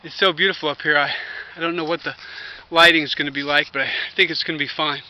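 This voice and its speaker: A middle-aged man talking earnestly about spiritual things while hiking up a wooded trail, short of breath, with halting restarts, recorded on a handheld camera. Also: a little high, fairly even intonation, pushed and bright, lo-fi sound. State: out of breath from climbing. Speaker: vlogger. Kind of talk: rambling walk-and-talk vlog. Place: outdoors on a wooded hillside trail. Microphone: handheld camera while walking.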